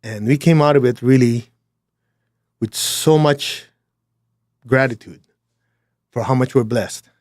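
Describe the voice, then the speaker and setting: Guy telling a heartfelt story, goes hushed then punchy, blunt asides, dry close sound. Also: medium pitch, slow pace, pauses often, no echo. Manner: animated, swings between hushed and emphatic; plain-spoken, with blunt asides. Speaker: speaker sharing a personal story. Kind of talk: reflective personal storytelling.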